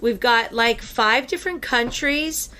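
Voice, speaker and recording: A woman hosting a casual podcast, chatty with many fillers and quick laughs. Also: fairly high pitch, pushed and bright. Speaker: podcast host.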